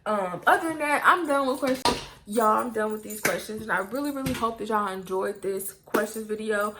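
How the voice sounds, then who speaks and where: A young American woman vlogging in a casual Q&A. Her voice has a gravelly, creaky edge. She talks bluntly and candidly, swearing freely as she goes. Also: medium pitch, moderate pace, noisy background. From United States. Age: young adult. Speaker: YouTuber. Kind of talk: casual get-to-know-me Q&A.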